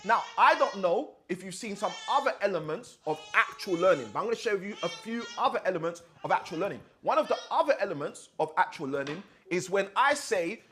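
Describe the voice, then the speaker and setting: A father of six leads an interactive teaching session, frequently posing questions to his audience. His voice is high-pitched and a bit bright.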